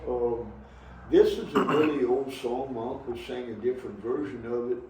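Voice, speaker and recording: A man's voice: medium pitch, moderate pace, noisy background. A man with a Cajun accent telling folk stories to a live audience in an easygoing, drawling way. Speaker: storyteller and singer. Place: heritage village hall. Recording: roomy, from a distance, faint accordion.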